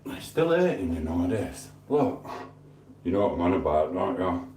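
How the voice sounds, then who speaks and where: A man's voice: low voice, sing-song, normal speed, mellow, echoey room, a little hiss or hum. A man hosting a stream, rambling in casual chat with swearing and asides to viewers. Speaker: livestream host.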